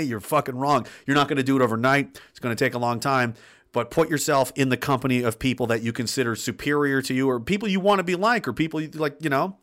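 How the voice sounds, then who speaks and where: A man hosts a casual livestream, reading chat comments aloud and ranting bluntly with plenty of swearing and laughter between points. His voice is medium-pitched and a bit bright.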